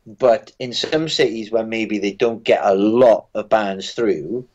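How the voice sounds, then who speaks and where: A British musician guest in a casual interview, telling dry, wry anecdotes with frequent restarts. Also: male voice, on the low side, slow, a little mellow, muffled recording. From Britain.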